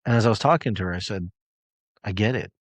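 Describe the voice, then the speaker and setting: A man's voice: on the low side, fast talker, no room sound. A man coaching clients on a live call, telling a story in an emphatic, conversational way.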